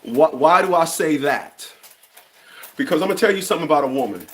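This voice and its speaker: Fifty-something guy ranting hard, kinda high pitched, keeps tripping over his words. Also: animated, brisk. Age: 50s. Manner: blunt, profane, repeats and restarts words. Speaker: commentary channel host. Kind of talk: opinion rant monologue.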